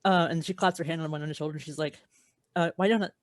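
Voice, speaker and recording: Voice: mid-range voice, steady tone, fast talker, dry recording, clean studio sound. Hesitant panelist telling a spooky story. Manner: casual, hesitant, many fillers. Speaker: convention panelist. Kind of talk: improvised spooky fan storytelling.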